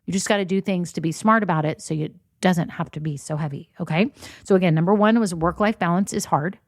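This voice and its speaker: A woman's voice: on the low side, fast talker, no room sound, studio quality. A woman hosting a solo business podcast, talking candidly and encouragingly to listeners, often saying y'all and voicing their worries. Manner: says y'all. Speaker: podcast host and business coach.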